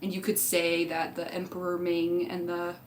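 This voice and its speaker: A woman's voice: fairly low pitch, completely flat delivery, moderate pace, slight background noise. A young woman chatting casually as a vlogger, rambling through tangents and swearing freely. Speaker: movie rewatch vlogger. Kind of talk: casual chat.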